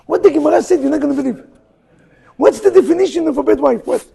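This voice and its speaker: High-pitched gravelly rabbi, joking. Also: male voice, quick pace. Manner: jokey, full of rhetorical questions, bursts into loud quoted rants; broken non-native English grammar. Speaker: rabbi giving a class. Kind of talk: humorous Torah class. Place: synagogue hall.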